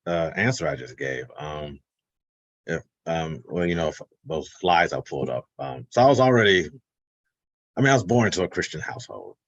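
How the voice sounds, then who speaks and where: A man speaking as a webinar panelist over a video call, explaining in a relaxed, conversational way with many fillers and telling stories with voiced-out quotes. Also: low-pitched, dry recording. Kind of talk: informal explanatory talk.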